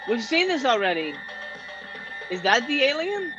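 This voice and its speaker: A man's voice: very high voice, sing-song, moderate pace, highs cut off, over music. A man hosting a live stream, reacting to a bad movie with incredulous, profane commentary and frequent laughter.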